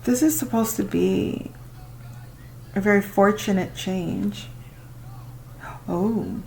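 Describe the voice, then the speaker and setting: A woman doing a casual tarot reading, talking to the listener and reacting out loud with exclamations as she turns the cards. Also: mid-range voice, slow pace, vocal fry, slight background noise, rough recording. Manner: chatty, exclaims and laughs while reading cards. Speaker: tarot reader.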